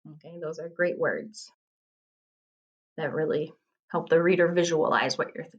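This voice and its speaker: A woman teacher giving a video lesson, patiently explaining and reading short poems slowly and expressively. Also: deep voice, dull audio. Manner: patient, encouraging, reads poem lines slowly and expressively. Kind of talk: reading picture book aloud in a video lesson.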